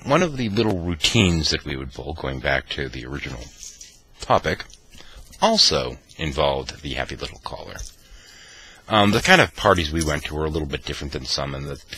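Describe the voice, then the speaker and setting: An extremely deep-voiced man tells a wry personal story with mock-dramatic flair. His gravelly, husky voice has a bright, forceful edge, and his pitch swings widely as he acts out the scene. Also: big pitch swings, moderate pace. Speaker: vlogger. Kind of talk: anecdotal storytelling.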